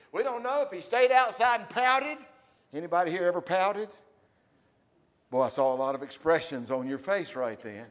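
A man preaching a sermon, addressing his congregation directly with questions and swinging between loud exclamations and quiet asides. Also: fairly high pitch.

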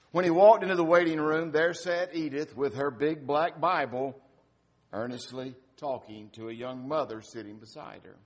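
Man telling a story in a sermon. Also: medium pitch. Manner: dramatic storytelling with wide swings in loudness. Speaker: pastor.

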